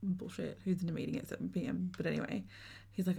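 A woman's voice: on the low side, little pitch movement, quick pace, gravelly, mellow, breathy edge. A woman co-hosting a podcast, chatting casually and swearing as she recaps a reality show. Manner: chatty, swearing, laughing often. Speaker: podcast co-host.

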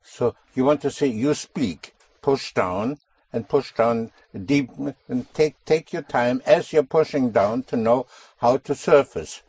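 A man teaching a spoken language lesson to a student, explaining slowly and deliberately and repeating key sounds. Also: medium pitch, darkish tone, breathy edge, no room sound.

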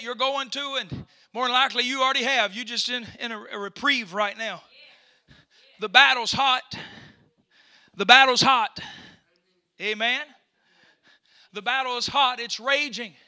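A male pastor preaching a fiery sermon, shouting often and filling nearly every pause with "uh". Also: very high-pitched, no room sound. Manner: fiery preaching with constant "uh" fillers.

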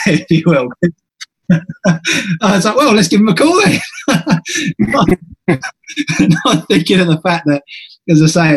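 Podcast host in his thirties, male, chatty storyteller who laughs at himself, voice sits a touch high. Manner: chatty, self-deprecating, laughs while telling stories. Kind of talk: casual storytelling chat.

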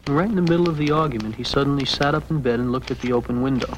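An actor playing a calm male narrator in a film, measured storytelling, dropping to a hush on repeated words. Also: mid-range voice, background noise, close to an everyday voice.

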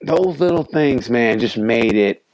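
A man chatting casually on a podcast, talking in an enthusiastic, halting way, repeating himself. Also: mid-range voice, animated, a crowd in the background. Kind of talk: casual chat.

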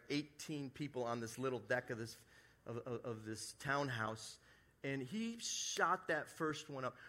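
A middle-aged male pastor preaches to his congregation at a church service, telling a story sprinkled with jokey asides. His voice sits fairly high and has a sharp edge.

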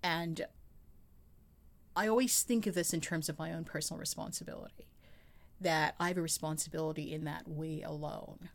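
A woman's voice: sits low, fairly even intonation, moderate pace, gravelly. A woman, co-hosting a podcast and talking earnestly and reflectively about poetry. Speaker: podcast co-host. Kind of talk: casual conversation about poetry.

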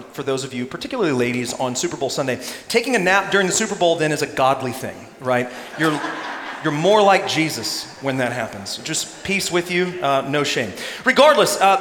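Animated pastor with a lively high voice. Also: male voice, a little hiss or hum. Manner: animated, acts out quoted voices with humor. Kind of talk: sermon. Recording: echoey church hall.

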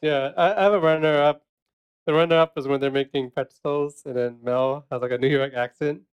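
A man co-hosting a podcast, chatting casually, laughing often and filling pauses with "um" and "uh". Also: a little high, steady tone, clean tone, muffled recording. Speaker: podcast co-host.

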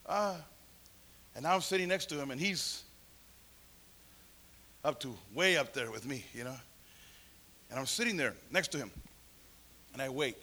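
A man preaching a testimony, telling his story and acting out the people in it, at times rising to shouts. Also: medium pitch, expressive, moderate pace, long pauses. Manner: storytelling, acts out voices, builds to shouts. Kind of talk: sermon testimony.

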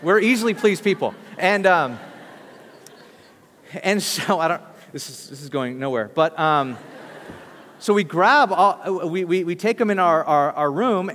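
A man's voice: fairly high pitch, lively intonation, moderate pace, fairly bright tone, long reverb tail. A man preaching a sermon as pastor, conversational and storytelling, acting out quotes.

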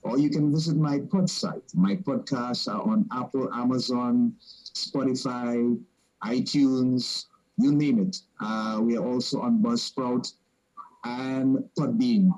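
A man with a Caribbean accent, a guest on a podcast, spelling out his contact details in a measured, careful way. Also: mid-range voice, fairly even intonation, a little mellow, poor audio. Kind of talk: casual podcast interview.

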